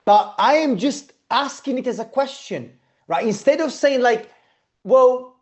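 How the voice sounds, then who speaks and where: A man's voice: very high voice, expressive, moderate pace. A man teaching a sales class, blunt and swearing casually, often checking in with "okay?". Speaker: sales trainer.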